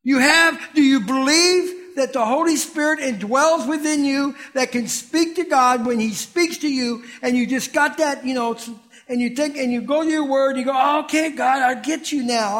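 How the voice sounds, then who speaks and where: A middle-aged man preaching a sermon in a high, bright-toned voice. He talks conversationally and asks his listeners questions. He swings between loud exclamations and hushed asides. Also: unhurried. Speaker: pastor.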